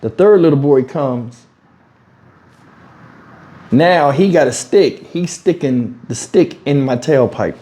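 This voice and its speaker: A man's voice: medium pitch, slow pace, pauses often. A man from Houston telling a story in a casual vlog, acting out what people said and swearing freely, recorded at home on a lapel mic. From Houston, Texas. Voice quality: animated storyteller, acts out quotes, swears freely. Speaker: YouTube commentator. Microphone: wireless lavalier mic.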